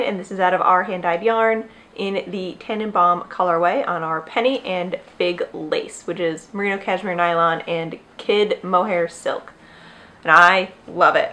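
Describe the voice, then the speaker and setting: A young woman with a medium, slightly bright voice hosts a chatty, rambling knitting podcast at home, where her dogs are, and keeps breaking off to speak to her dog.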